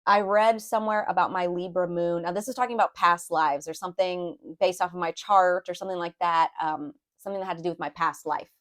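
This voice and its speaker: A woman's voice: on the low side, steady tone, fairly quick, few pauses, a bit bright. A woman giving a casual spoken tarot reading, rambling and confiding, with many fillers and restarts, openly emotional as she talks about her own feelings. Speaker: tarot reader.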